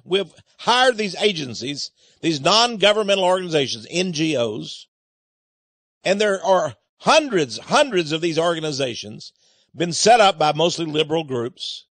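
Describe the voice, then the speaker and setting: A male radio host delivers an urgent, emphatic monologue. His voice sits high and swings widely in pitch. The sound is close and dry. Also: a bit bright, no echo. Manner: emphatic, urgent, addresses listeners as friends.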